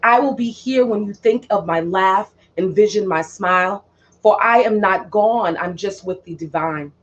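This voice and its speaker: A woman performing a spoken-word poem in a slow, solemn, repeating cadence. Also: medium pitch. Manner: slow, solemn, repetitive delivery. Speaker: poet. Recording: dull lo-fi audio.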